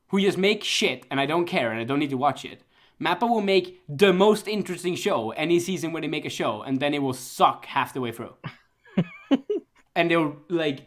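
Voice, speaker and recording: A man's voice: fairly high pitch, fairly bright tone. A young man co-hosting a casual anime chart chat, ranting with frequent laughter. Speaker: anime season chart co-host.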